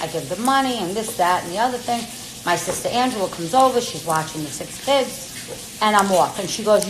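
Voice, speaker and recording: A woman's voice: medium pitch, animated, brisk, slight background noise, poor audio. A middle-aged woman telling a personal story on a casual livestream, blunt and chatty, swearing freely and acting out what people said. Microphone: phone livestream.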